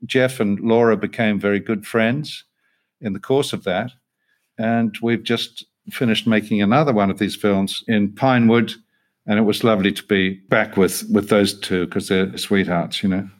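Self-deprecating actor man, low-voiced. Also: steady tone, normal speed. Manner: self-deprecating, laughing, hesitant. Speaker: actor, interview guest. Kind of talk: relaxed interview storytelling.

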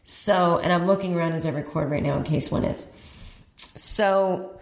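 A woman's voice: on the low side, normal speed. Chatty profane woman telling a story. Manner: chatty, profane, self-mocking, quotes people in put-on voices. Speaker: comedy podcast host. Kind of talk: casual storytelling monologue. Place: at home.

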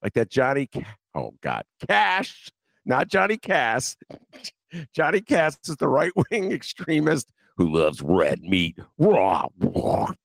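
A man's voice: mid-range voice, huge pitch swings, measured pace, gravelly, dry recording, clean studio sound. A man hosting a casual radio talk show, joking, laughing and breaking into bits of song. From Chicago. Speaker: podcast host.

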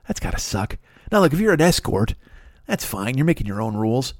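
Podcast host, male, profane rambling monologue, mid-pitched, breaks into songs and bits. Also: very animated, a little fast, no room sound, studio quality. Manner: profane, rambling, bursts into singing and put-on voices. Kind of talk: crude comedic monologue.

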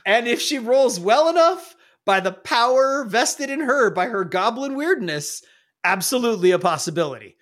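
A man runs a tabletop game, his voice high for a man and swinging widely in pitch. He narrates in a playful way and laughs easily. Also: expressive, moderate pace, fairly bright tone. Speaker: game master.

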